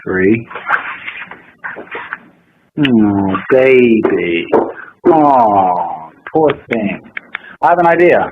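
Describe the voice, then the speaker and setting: A man's voice: medium pitch, highs cut off, noisy background. A man speaking in a menacing, taunting way.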